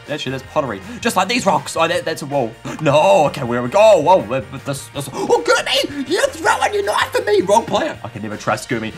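A young man giving excitable, goofy gameplay commentary as a channel host, yelping and shouting at sudden moments. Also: on the high side. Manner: goofy self-mocking banter.

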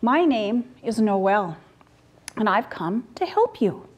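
A woman voicing a gentle female angel who calmly reassures a small cat in a church children's story. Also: mid-range voice, takes it slowly, highs cut off. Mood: kind.

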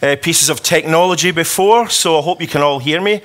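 A middle-aged Scottish man with a Scottish accent, giving a prepared political speech at a conference and speaking slowly on purpose. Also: on the high side, a bit bright. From Scotland. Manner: measured, deliberately slowed delivery. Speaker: conference speaker, member of parliament. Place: conference hall.

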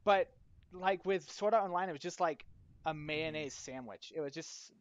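A young man co-hosting a casual podcast chat, animated and swearing casually as he acts out quotes. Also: on the high side, normal speed, no echo. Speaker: podcast co-host. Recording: dull, dry home mic.

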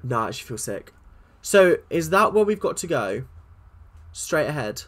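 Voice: mid-range voice, sing-song, moderate pace, fairly bright tone. A let's play gamer commentating on a horror game, jumpy and swearing, repeating exclamations when frightened.

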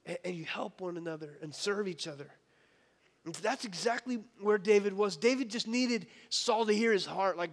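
A man's voice: sits high, normal speed. Impassioned preacher man in a reverberant church. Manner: impassioned, conversational preaching with repeated restarts. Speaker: pastor. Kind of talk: sermon. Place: church sanctuary.

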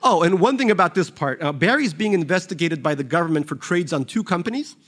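A man's voice: fairly high pitch, expressive, quick pace, a bit bright. A man reading from his novel in a dry, wry storytelling manner. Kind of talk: audiobook-style literary reading.

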